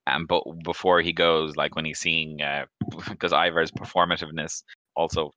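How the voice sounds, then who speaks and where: A man's voice: a bass voice, flat delivery, moderate pace, pushed and bright, no echo, dull audio. A man running a tabletop game as game master, narrating casually with plenty of ums.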